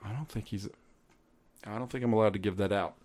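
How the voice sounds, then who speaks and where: A man co-hosting a podcast, casual chat, enthusiastic and quick with punchy interjections. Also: lowish voice, steady tone, a little mellow. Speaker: podcast co-host.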